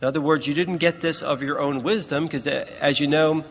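Man, preacher, sermon, slow deliberate emphasis, slightly high voice, long church reverb. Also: steady tone. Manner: slow, deliberate teaching delivery with emphatic pauses.

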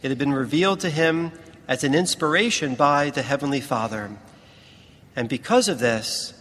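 A man preaching a sermon in a large church, teaching in a slow, deliberate way with emphatic pauses. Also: mid-range voice, fairly bright tone, big-room sound.

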